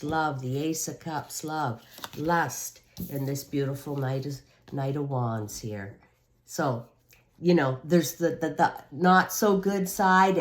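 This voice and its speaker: A woman's voice: low-pitched, a little mellow. A woman hosting a tarot reading video, talking straight to the viewer in a reassuring way and often checking in with "okay". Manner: reassuring, repeats "okay" and the listener's sign. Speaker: tarot reader.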